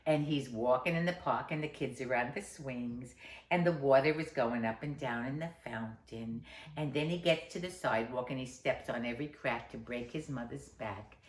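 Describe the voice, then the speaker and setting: A woman's voice: rumbling low, normal speed. A woman storyteller telling a folk tale to a library audience, with chatty asides to the listeners. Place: library event space. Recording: roomy echo.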